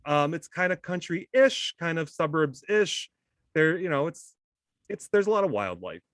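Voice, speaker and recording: A man's voice: fairly high pitch, unhurried, dry recording, studio quality. A man telling a funny story in a casual chat, acting out voices with self-deprecating humor. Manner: animated, acts out voices in his story.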